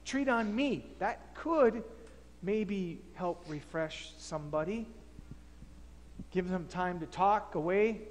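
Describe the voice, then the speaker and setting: A man's voice: high voice, animated, takes it slowly. A man pastor preaching in a folksy, stammering, think-aloud way, heard in a reverberant church hall. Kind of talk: sermon.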